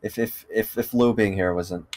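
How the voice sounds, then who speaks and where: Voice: mid-range voice, fairly even intonation, normal speed, a little mellow, slight background noise. A podcast co-host rambling and joking, acting out remembered quotes. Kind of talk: casual chat.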